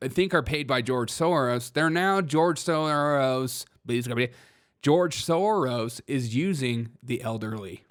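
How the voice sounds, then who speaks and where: A man hosting a comedic news commentary show, riffing, laughing often and repeating himself as he reacts. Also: mid-range voice. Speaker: show host.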